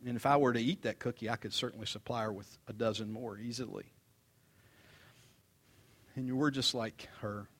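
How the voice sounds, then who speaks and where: An older man, a pastor, preaching a sermon in a conversational, animated way, mixing humorous stories with scripture and swinging between loud emphasis and quiet asides. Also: medium pitch, moderate pace, long pauses, slightly rough.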